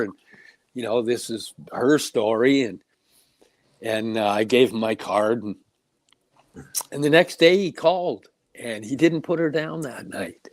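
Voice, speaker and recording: A man's voice: medium pitch, unhurried, pauses often, dry recording. A man co-hosting a casual podcast chat, telling long earnest stories. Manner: earnest, rambling storyteller. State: getting emotional.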